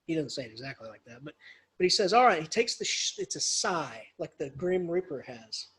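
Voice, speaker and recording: A male English professor retells a story in a loose, animated lecture. His voice is high and husky, with plenty of casual asides. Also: fairly quick.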